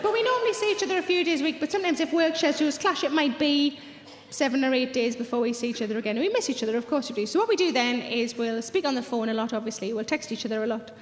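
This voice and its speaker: A middle-aged woman doing a stand-up routine, deadpan with rude punchlines. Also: sits high, fast, a little hiss or hum. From North East England. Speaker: stand-up comedian. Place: large theatre stage. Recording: echoey live theatre hall. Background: audience laughter.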